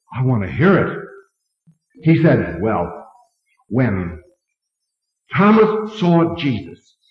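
A man preaching a sermon, telling a story and acting out the dialogue with big swings in his voice. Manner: dramatic, acts out dialogue with big pitch swings. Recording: roomy lo-fi hall recording.

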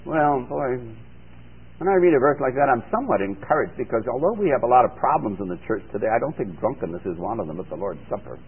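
This Bible teacher's radio sermon moves fast, his medium-pitched voice husky and sing-song. He reads a scripture passage, then explains it in plain terms with mounting emphasis, heard through a phone-like old broadcast with long reverb.

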